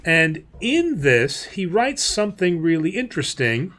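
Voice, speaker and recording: A priest with a fairly high voice explains things on a livestream in a loose, rambling way. He fills pauses with ums, restarts his sentences and laughs easily. He keeps a casual, teaching tone. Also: very animated, fairly bright tone. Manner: chatty, laughs easily, many fillers and restarts.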